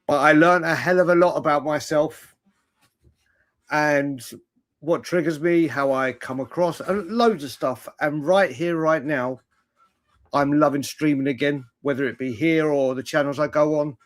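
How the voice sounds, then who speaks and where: A young man hosts a casual late-night livestream, chatting in a rambling, laugh-filled way and greeting viewers by name. His voice sits a little higher than most men's. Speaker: livestream host. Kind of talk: casual live fan chat.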